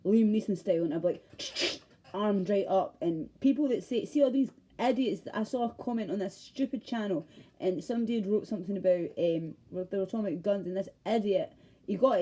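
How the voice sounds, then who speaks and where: Glaswegian woman vlogger with a mellow, husky voice; passionate, sweary rambling rant. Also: medium pitch, rough recording. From Scotland. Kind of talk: ranting monologue.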